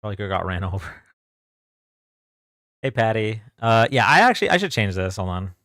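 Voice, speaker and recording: A man's voice: on the low side, big pitch swings, moderate pace, fairly bright tone, no room sound, clean studio sound. A young man hosting a live stream from home, chatting casually and greeting viewers by name in a loose, joking way. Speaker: livestream host.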